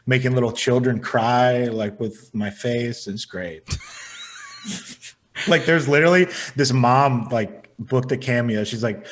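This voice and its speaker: A man's voice: mid-range voice, steady tone, moderate pace. A young man, a music producer guest chatting in a laid-back, self-mocking way with laughs. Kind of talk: casual podcast chat.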